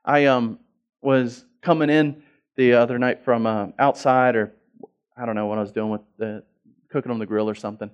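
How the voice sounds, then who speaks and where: A middle-aged man, a pastor, preaching a sermon, telling stories with repeated words and restarts, swinging from loud to hushed. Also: mid-range voice, steady tone, moderate pace, smooth, muffled recording.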